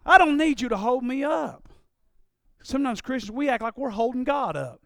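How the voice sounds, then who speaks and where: High-voiced preacher, shouting. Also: male voice, no echo, studio quality. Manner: builds from low confiding talk to loud shouted preaching. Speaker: pastor. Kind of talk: sermon. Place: church sanctuary.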